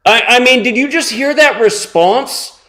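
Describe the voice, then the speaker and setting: A man in his thirties delivering an angry reaction commentary, contemptuous and insulting, swearing heavily and slowing down to mock. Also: very high-pitched, sharp tone. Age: 30s. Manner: sarcastic, slows down to mock. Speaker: online video host.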